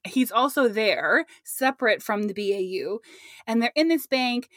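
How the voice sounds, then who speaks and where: A young adult woman co-hosting a podcast in casual, animated chat, laughing often. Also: fairly high pitch, measured pace, dry recording, studio quality. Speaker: podcast co-host.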